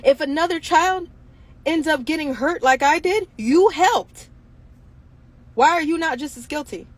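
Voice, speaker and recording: A woman's voice: high-pitched, unhurried. A woman hosting her own show, speaking in an impassioned monologue full of indignant rhetorical questions. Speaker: show host.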